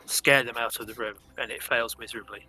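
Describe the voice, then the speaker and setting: Man playing a tabletop game, very bright, sharp-edged voice, earnest and stammering. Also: medium pitch, fairly even intonation, a little fast, poor audio. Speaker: player. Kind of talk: tabletop role-play, in character.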